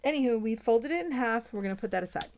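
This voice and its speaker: A woman's voice: fairly high pitch, expressive, quick pace, a little mellow. A woman demonstrating a papercraft project, chatting as she works and thinking aloud, sometimes dropping to a near whisper. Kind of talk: chatty hands-on craft tutorial.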